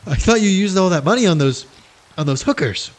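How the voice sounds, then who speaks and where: A man's voice: sits high, animated, brisk, slight background noise, voice pushed up. A man voicing a bossy, scheming cartoon baby boy who mocks and needles. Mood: needling. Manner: mocking, needling.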